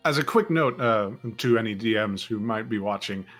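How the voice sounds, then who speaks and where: A man co-hosts a casual chat about voicing characters as a game master, rambling thoughtfully with plenty of fillers and restarts. His lowish voice is expressive and a bit bright, at normal speed, with soft music in the background.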